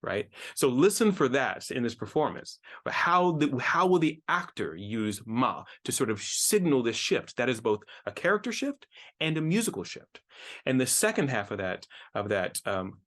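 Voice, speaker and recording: A man's voice: mid-range voice, sing-song, normal speed, a bit bright. A middle-aged man, a music professor, giving an enthusiastic explanatory lecture, often repeating words as he thinks. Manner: enthusiastic, repeats words while thinking, sings short snippets.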